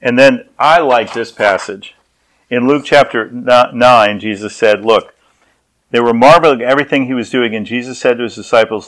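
A man's voice: medium pitch, moderate pace, fairly bright tone, poor audio. Storytelling male pastor preaching. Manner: storytelling, acts out voices. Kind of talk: sermon.

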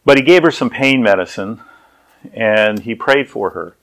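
A man's voice: lowish voice, animated, moderate pace, a bit bright. A man preaching a sermon, telling a story in a conversational way that often repeats and restarts words.

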